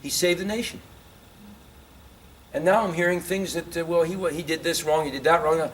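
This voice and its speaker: A man's voice: fairly high pitch, steady tone, quick pace, a bit bright, a little hiss or hum. A man giving an informal history lecture to a live audience. He keeps quizzing listeners with questions and grows impassioned about his points.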